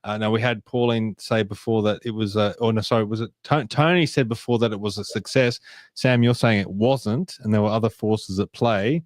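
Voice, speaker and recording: A man's voice: on the low side, steady tone, fairly quick, no echo, studio quality. A man hosting a casual panel talk show, steering the discussion in a conversational way. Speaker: host.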